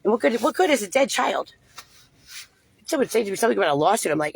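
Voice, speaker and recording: A woman's voice: mid-range voice, sing-song, a little fast, gravelly, long pauses, breathy edge, no room sound. A woman talking unscripted on a livestream, rambling and agitated, with frequent swearing. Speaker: livestream host.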